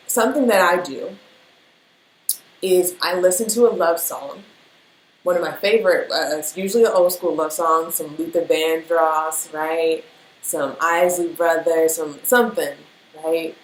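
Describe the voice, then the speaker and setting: A woman giving a casual spiritual pep talk as a reader, emotional and animated, full of fillers and repeated phrases. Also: low-pitched, a little slow. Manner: emotional, animated, speaks in rhythm with many fillers. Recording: echoey room with faint background noise.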